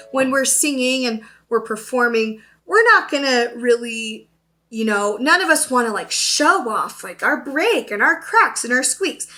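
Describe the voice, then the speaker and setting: A young woman leads a singing lesson, talking slowly and encouragingly between sung warm-up exercises. Her voice sits high, and she keeps checking in with her students. A piano plays clearly behind her. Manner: encouraging, checks in with "okay?" often. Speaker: voice teacher. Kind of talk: online singing lesson with vocal demonstrations. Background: piano accompaniment.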